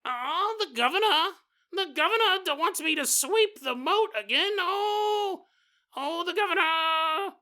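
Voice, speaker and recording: High, wailing old servant ghost, self-pitying, with a deliberately awful British accent. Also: male voice, lively intonation, bright, forceful tone, full character voice. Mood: moaning. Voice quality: bad fake British accent, moaning. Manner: complaining, wailing. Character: whiny old hunchbacked male servant ghost.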